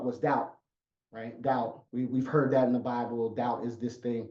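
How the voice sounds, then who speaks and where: A man's voice: medium pitch, steady tone, moderate pace, a little mellow. Emphatic male motivational coach on a video call, muffled and roomy. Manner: emphatic, repetitive storytelling. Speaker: life coach. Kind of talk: motivational talk. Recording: echoey, muffled sound.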